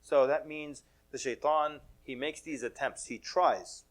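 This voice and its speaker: Speaking a little slowly in a fairly high voice, a man gives a relaxed sermon to a mosque audience as an Islamic preacher. He weaves humor into his stories, performs quoted voices and adds Arabic religious phrases.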